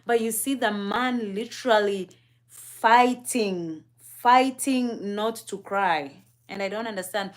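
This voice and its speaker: A woman's voice: mid-range voice, slow. Chatty, curious woman from Kenya. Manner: curious, chatty, laughs often, addresses chat and co-host. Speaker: livestream co-host. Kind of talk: casual livestream chat.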